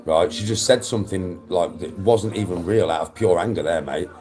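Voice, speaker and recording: A man's voice: sits low, moderate pace, darkish tone, faint music behind. A young man, chatting on a livestream, blunt and defensive, swearing often. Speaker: livestream host. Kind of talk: casual livestream chat.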